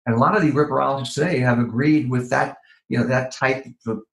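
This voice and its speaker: Older male guest, middle pitch, halting and rambling, roomy echo on the audio. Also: fairly even intonation, creaky. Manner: rambling, halting with many restarts and fillers. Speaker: guest, former criminal profiler. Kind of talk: podcast interview storytelling.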